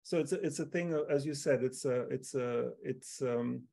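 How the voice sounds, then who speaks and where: A man's voice: mid-range voice, moderate pace, creaky, mellow. A man explaining the meaning of a proverb in a casual group discussion, playful and explanatory. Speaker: panelist.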